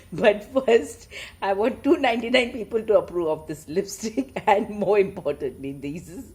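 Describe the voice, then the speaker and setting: A woman's voice: medium pitch, lively intonation, unhurried, darkish tone. A woman, chatting casually and telling stories, laughing often. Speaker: storyteller. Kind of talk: casual chat and story reading.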